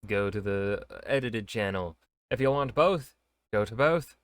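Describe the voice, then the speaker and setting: A man's voice: lowish voice, lively intonation, measured pace, clean tone, no echo, clean studio sound. A man hosting a reaction video, chatting casually and joking at his own expense. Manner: joking, rambling, self-mocking.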